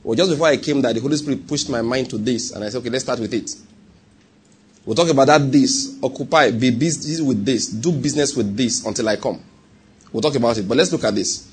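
Here a preacher with a Nigerian accent delivers a sermon woven around a personal story, at a brisk pace and medium pitch, with slight background noise. He talks conversationally and frequently asks if the congregation is with him.

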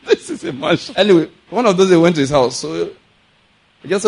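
A Nigerian man preaching a sermon, telling stories in a lively way, laughing often and mixing in pidgin. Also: mid-range voice, fairly quick, slightly rough. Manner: animated storytelling, laughs often, mixes in pidgin. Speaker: pastor.

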